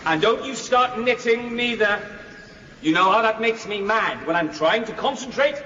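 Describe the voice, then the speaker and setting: A bullying, scornful husband on a dull, echoey radio broadcast. He sits high and swings his lines about. The sound is roomy with a long tail. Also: animated, moderate pace, a little hiss or hum. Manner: grumbling, scornful, rising to shouts. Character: surly working-class husband in a stage play, bullying. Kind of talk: 1950s-set radio comedy-drama.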